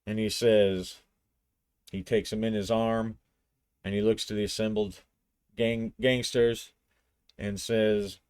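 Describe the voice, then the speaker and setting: Male solo-game narrator, low and unhurried, loose storytelling with restarts. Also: level tone, darkish tone, smooth, no echo.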